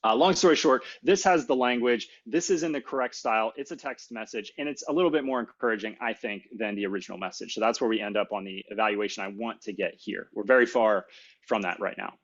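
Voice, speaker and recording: A man's voice: fairly low pitch, quick pace, muffled recording. A middle-aged man giving a casual, self-deprecating technical conference talk, with many fillers. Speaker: conference speaker.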